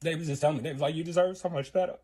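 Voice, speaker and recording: A man's voice: a little high, fairly even intonation, racing, a little mellow. A man casually telling a personal relationship story, rambling and profane, acting out other people's lines along the way. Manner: profane, rambling retelling full of fillers and acted-out quotes.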